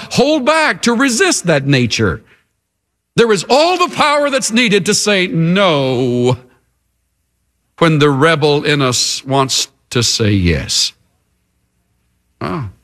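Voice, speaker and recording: A man's voice: on the high side, fairly bright tone. A man preaching a sermon in a dramatic, emphatic style. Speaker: pastor.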